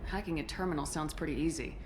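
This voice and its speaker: A woman's voice: low-pitched, quick pace, slight background noise, close to an everyday voice. An actress playing a determined female starship commander who talks in a direct, concerned way, in video game dialogue.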